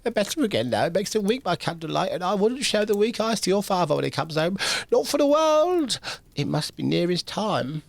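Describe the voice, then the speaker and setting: A man voicing a weary, gentle mother in a tipsy comic reading of a classic storybook. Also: high-pitched, big pitch swings, a little fast, creaky, no echo, pitched above the performer's own voice, full character voice. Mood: fretful. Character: weary gentle mother, middle-aged woman.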